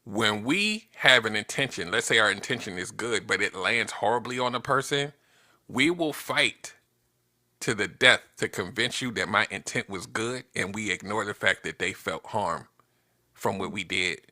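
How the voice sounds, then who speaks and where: A man's voice: on the low side, normal speed, sharp tone. A man talking as a guest on a talk show, explaining points animatedly and checking in with rhetorical questions. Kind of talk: casual conversation.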